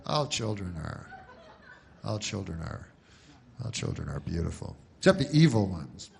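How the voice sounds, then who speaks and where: A male stand-up comedian telling jokes in a deadpan, rambling way, with many restarts. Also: deep voice, normal speed, creaky, a little hiss or hum.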